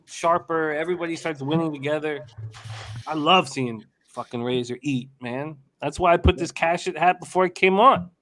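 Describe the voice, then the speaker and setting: A man's voice: fairly high pitch, moderate pace, a bit bright. A man in his forties chatting casually as a co-host, swearing and hyping up his friends. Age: 40s. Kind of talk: casual live-stream banter.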